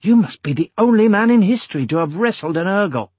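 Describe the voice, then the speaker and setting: A man's voice: high voice, expressive, fast, darkish tone, breathy edge, dry recording, pitched above the performer's own voice. A man voicing a cheerful, admiring male comrade in a storybook reading, with a raised, hearty delivery.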